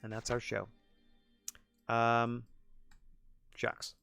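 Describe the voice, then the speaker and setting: A man streaming a game, chatting casually in a rambling, self-effacing, soft-spoken way. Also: medium pitch, monotone, extremely slow, vocal fry, smooth, no echo, soft background music. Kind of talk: casual chat while playing.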